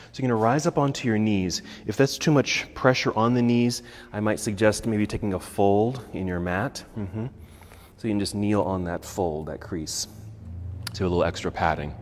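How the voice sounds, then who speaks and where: A man teaching a yoga class, calmly cueing poses and breaths, and he is a little out of breath. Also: lowish voice, in a large hall. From United States. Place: yoga studio.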